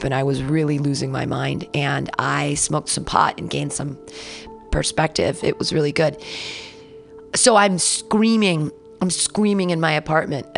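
A young adult woman, a comedian hosting a podcast, who reads texts aloud and breaks into sudden excited outbursts. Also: sits low, gravelly. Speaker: podcast host and stand-up comedian. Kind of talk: casual podcast reading and commentary.

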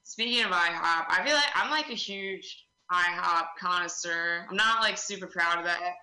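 A young woman doing a stand-up comedy set, telling stories in a deadpan way with quick asides. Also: lowish voice, echoey room, low-quality recording.

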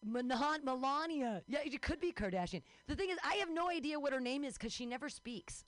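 A woman's voice: high voice, lively intonation, a little fast, few pauses, fairly bright tone, dry recording. A woman in her thirties hosting a comedy show, riffing sarcastically and introducing comedians. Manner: sarcastic and rambling.

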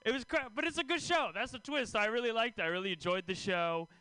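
A man's voice: very high voice, fast talker, sharp tone, clean tone, no room sound, rough recording. A man doing a stand-up comedy set on a club stage in a dry, conversational way. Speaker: stand-up comic.

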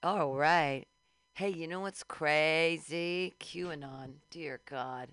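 Rambling low-voiced woman radio host. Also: takes it slowly, fairly bright tone, smooth, no echo, clean studio sound. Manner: rambling, giggly, drifting off and mumbling. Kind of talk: casual chat.

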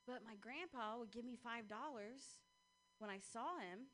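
A woman's voice: a little high, normal speed, a bit bright, poor audio. A woman performing a stand-up comedy set, talking conversationally with a self-mocking manner. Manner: conversational, self-mocking, drops into voices for quoted people.

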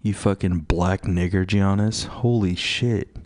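A man's voice: sits low, fairly even intonation, unhurried, darkish tone, no echo, clean studio sound. A man hosting a radio show, ranting in a profane, rambling, mocking way full of fillers. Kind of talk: crude rambling radio rant.

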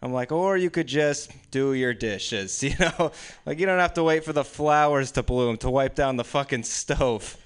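A young man in his twenties telling casual, deadpan stand-up stories at an open mic. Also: medium pitch, normal speed, smooth. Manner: casual, deadpan storytelling with frequent laughs. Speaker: stand-up comedian. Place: small room with few people. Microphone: stage microphone.

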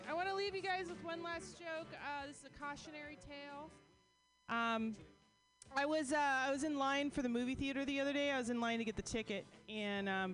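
A woman's voice: sits high, fairly bright tone. A woman hosting a comedy night and telling a closing joke in an upbeat, chatty way. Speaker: comedy show host. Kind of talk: stand-up emcee. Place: comedy club stage.

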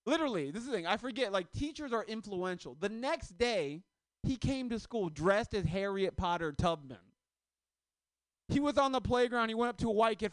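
A man in his thirties performing stand-up into a handheld mic at a comedy club. His voice sits high and swings widely, shooting up on the punchlines. The sound is clean and dry, with no room echo. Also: lively intonation, moderate pace. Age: 30s. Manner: loose conversational delivery with shouted punchlines. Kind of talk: stand-up set.

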